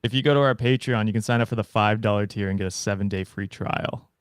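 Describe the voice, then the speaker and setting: Smooth, dry-sounding podcast host. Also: male voice, lowish voice, steady tone, quick pace, no room sound. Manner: upbeat, plugs the channel and reads out donations. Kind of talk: casual live-stream chat.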